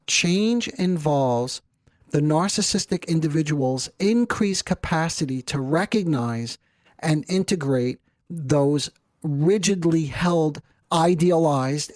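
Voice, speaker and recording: A middle-aged male therapist giving an educational talk in a measured, explanatory way with rhetorical asides. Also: on the high side, a little mellow, dry recording. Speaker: therapist host.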